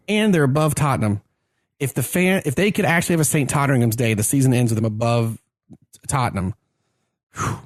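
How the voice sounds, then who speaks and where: A man's voice: medium pitch, no room sound, clean studio sound. A man co-hosting a podcast, chatting casually and rambling through his sports opinions with lots of restarts. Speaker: podcast co-host. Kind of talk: casual chat.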